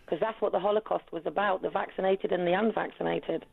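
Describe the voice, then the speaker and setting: A woman's voice: fairly low pitch, fairly even intonation, fast, vocal fry, husky, no room sound. A woman calling a radio show, rambling and insistent, talking over the host. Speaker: caller. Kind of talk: phone-in call. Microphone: telephone. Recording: tinny phone line.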